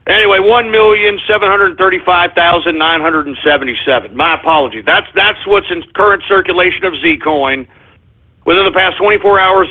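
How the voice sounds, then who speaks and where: A male talk radio host delivering an excitable, flustered monologue, often stumbling and apologizing. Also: high voice, breathy edge. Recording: phone-like lo-fi radio sound.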